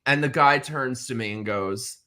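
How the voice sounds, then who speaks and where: A man's voice: medium pitch, measured pace, bright, forceful tone. A man from New York City hosting a podcast in casual chat, campy and sassy as he tells dramatic stories. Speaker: podcast host.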